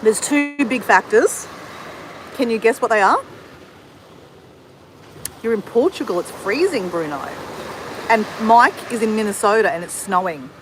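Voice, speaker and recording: A woman's voice: on the high side, expressive, measured pace, long pauses, background noise. A woman from Australia with an Australian accent, chatting casually with viewers on a livestream, greeting them and answering their comments. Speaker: livestream host. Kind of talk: casual live chat with viewers. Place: outdoors in the sun.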